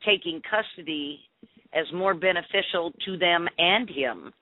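Man, radio host, halting, restarts, dry tinny sound. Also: sits high, lively intonation, no echo. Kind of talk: phone-in radio interview.

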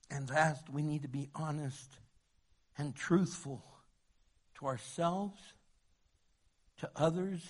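A male pastor preaching a sermon, moving between loud emphatic passages and hushed ones. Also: on the high side, slightly rough.

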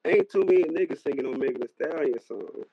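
A man's voice: on the high side, animated, quick pace, slightly rough, no echo. A man in his thirties talking bluntly in casual slang during a podcast debate, often repeating himself for emphasis. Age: 30s. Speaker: podcast co-host. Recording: lo-fi dry recording.

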